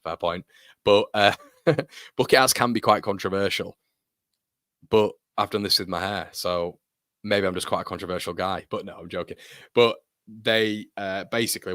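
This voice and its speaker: British fan-channel host, 30s, deep voice, dry close sound, rambling chatty delivery. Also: male voice, a bit bright, no room sound. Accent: British English. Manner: chatty and rambling, reading out viewer messages, often laughing. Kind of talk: casual live match watchalong chat.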